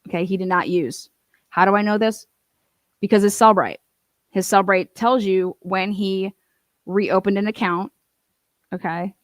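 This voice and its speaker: A woman's voice: medium pitch, a little slow, long pauses, no room sound. Woman host, mid-range voice, fired-up casual commentary, dry close sound. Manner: emphatic, indignant, with frequent fillers and asides. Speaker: true-crime advocate host.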